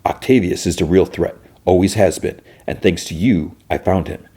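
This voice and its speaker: A man doing a calm, scheming tycoon. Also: deep voice, normal speed, slightly rough. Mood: measured. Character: calm scheming older male tycoon mentor.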